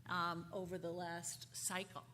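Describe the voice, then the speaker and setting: A woman speaking on a conference panel, halting and often restarting her sentences. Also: fairly low pitch, monotone, sharp tone. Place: conference hall. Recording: conference hall reverb, faint noise.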